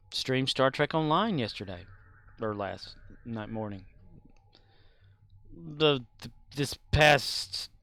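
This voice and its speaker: A talkative man rambles through casual chat while he streams a game, his voice edged with gravelly fry. He sits at a desk microphone, chuckling often as he jumps from story to story. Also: medium pitch, fairly bright tone, dry recording. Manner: laughs often while talking.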